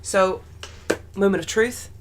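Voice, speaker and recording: A woman's voice: medium pitch, slow, background noise. A woman hosting a quiz on a casual podcast, steadily reading out clues and revealing answers. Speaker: quiz-running podcast co-host.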